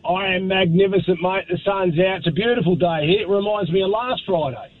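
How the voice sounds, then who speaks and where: A man's voice: high-pitched, brisk. A man with an Australian accent, calling in to a talk show, upbeat and effusive with plenty of slang. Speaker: caller. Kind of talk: call-in chat. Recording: tinny phone line with faint noise.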